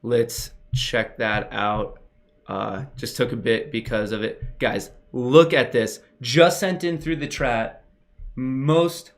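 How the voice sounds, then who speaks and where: A young man hosts a livestream in a casual, excitable way. He gushes over what viewers send in and talks right to them. His voice sits at an everyday middle pitch for a man. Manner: excitable, gushing, talks to chat directly. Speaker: livestream host.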